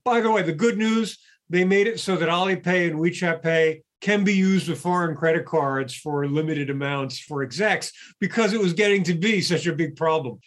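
A man in a conversational podcast discussion, an animated storyteller who acts out the people he quotes. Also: fairly high pitch, normal speed.

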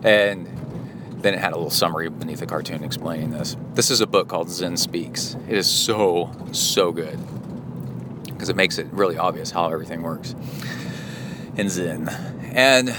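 A man's voice: low-pitched, normal speed. A man hosting a podcast, talking alone in a casual, rambling, reflective way, recorded in a car. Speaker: podcast host. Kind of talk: casual solo talk. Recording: road noise from a car.

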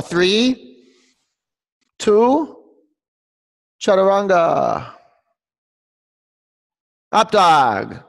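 Gravelly-voiced man leading a yoga class. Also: high voice, big-room sound. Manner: calls out poses and counts, joking with students. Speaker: yoga instructor. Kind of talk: live yoga class instruction. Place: yoga studio, large room.

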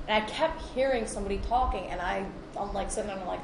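A woman who works in EMS, telling a spirited story in casual chat and quoting others with lively voices. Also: medium pitch, quick pace, gravelly. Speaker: EMS worker. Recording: echoey room with background noise.

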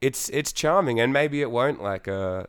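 A man's voice: mid-range voice, expressive, moderate pace, a bit bright, clear, resonant tone. A young Australian man, a singer in a band, chatting casually in an interview, rambling with lots of fillers, swearing and laughing.

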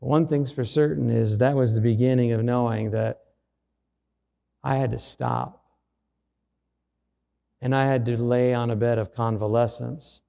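A man's voice: mid-range voice, fairly even intonation, unhurried, gravelly, long pauses, warm tone, big-room sound. A middle-aged man, a pastor, preaching a sermon through a personal story with self-deprecating humor.

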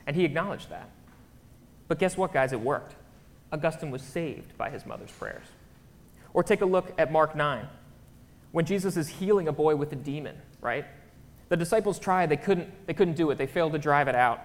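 A man's voice: a little high, lively intonation, moderate pace. A man preaching a casual, conversational sermon in a church, often checking in with his listeners. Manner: chatty, keeps checking in with the crowd. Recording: long hall reverb.

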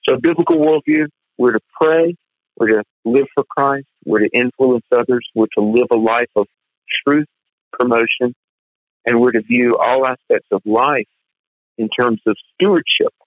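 Male guest, lively storyteller, dry phone-line sound, middle pitch. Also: moderate pace, no room sound. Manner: animated storyteller, quotes others in his voice. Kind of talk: conversational testimony.

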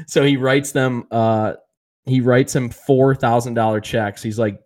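A podcast co-host in casual chat rambles through his favorite TV episodes, acting out the characters' lines and using lots of fillers. His mid-range voice is steady and somewhat dark, with a measured pace.

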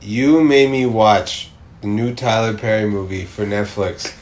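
A man's voice: fairly low pitch, a little slow, darkish tone, roomy sound. A man co-hosting a podcast, chatting casually in a rambling, joking way with some swearing. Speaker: podcast co-host. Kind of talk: casual chat.

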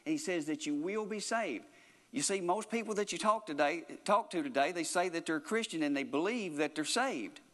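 A man's voice: a little high, lively intonation, brisk, fairly bright tone. Earnest man preaching in a reverberant hall. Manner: earnest, repetitive, restarts phrases often. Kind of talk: sermon.

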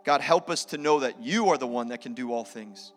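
A man's voice: mid-range voice, fairly quick. A man preaching a sermon to his church, emphatic, mixing scripture reading with casual asides. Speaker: pastor. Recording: live sermon in a reverberant church hall with faint music.

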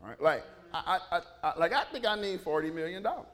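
A man's voice: on the high side, big pitch swings, fast talker, a bit bright. A male pastor preaching a sermon, telling the story with animation and many restarts.

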